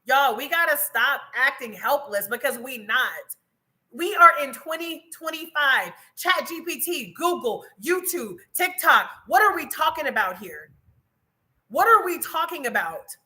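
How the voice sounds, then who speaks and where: A woman, giving a loud, preachy motivational talk straight to her viewers on a livestream from home. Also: high-pitched, sing-song, unhurried. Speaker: travel content creator. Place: home in Colombia.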